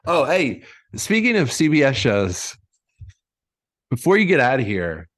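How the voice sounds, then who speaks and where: A man's voice: mid-range voice, wildly swooping pitch, a little slow. A man hosting a casual podcast chat, playful and jokey, laughing often. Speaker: podcast host.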